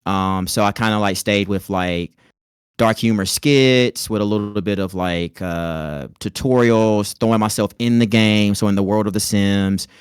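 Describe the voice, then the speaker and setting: A man from North Carolina talks in an easygoing, rambling way, with a light Southern twang. His voice sits low and comes across smooth. The sound is close and dry. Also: no echo. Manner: laid-back, chatty, lots of fillers. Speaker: podcast guest, content creator. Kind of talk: casual interview chat.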